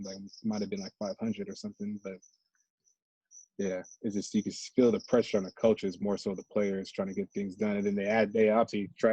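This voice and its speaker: An American man in his thirties, a podcast guest, telling stories in slangy, animated casual chat. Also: fairly low pitch, breathy edge, no room sound, dull audio. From United States. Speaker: podcast guest, former college football player.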